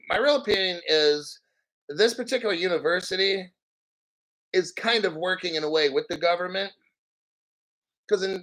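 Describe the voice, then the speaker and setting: A man hosting a crypto live stream, ranting in a brash, profane, mocking way and clearing his throat often. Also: high voice, a bit bright, poor audio. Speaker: crypto YouTube host.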